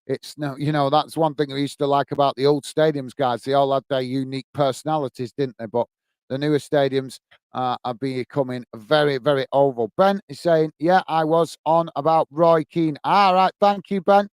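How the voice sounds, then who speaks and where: On this football watch-along stream, the male host keeps things casual, picking out viewer comments to read and respond to. He speaks in a mid-range voice with fairly even intonation at normal speed, and the recording is clean and dry.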